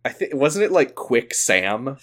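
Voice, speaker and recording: A man's voice: mid-range voice, sing-song, unhurried, fairly bright tone. Dry, joking male podcast co-host. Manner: dry, joking, quotes characters. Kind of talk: casual podcast recap chat.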